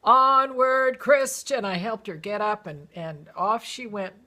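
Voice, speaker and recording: At a moderate pace and in a mid-range voice, a woman reads aloud from her personal memoir. She tells it with lively energy, voicing the people she quotes and now and then bursting into song.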